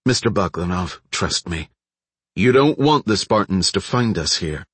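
A man's voice: sits low, animated, measured pace, fairly bright tone, breathy edge, dry recording, heavily acted. Man voicing a wary, evasive gunrunner. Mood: guarded.

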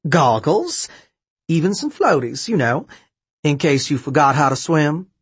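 A man voicing an excitable, teasing elderly grandmother in an audiobook, with a husky, high-pitched voice. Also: a little slow, dry recording, exaggerated voice. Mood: excited.

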